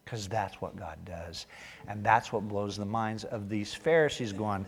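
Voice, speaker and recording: A man's voice: on the low side, unhurried, creaky, husky. A male pastor preaching a sermon in a church, talking conversationally and tossing joking asides to the congregation.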